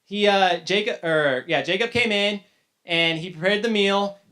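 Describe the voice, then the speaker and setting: A man's voice: high-pitched, a little slow, sharp tone. A man teaching a casual Bible lesson to young people, retelling the story loosely with chatty asides. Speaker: youth teacher.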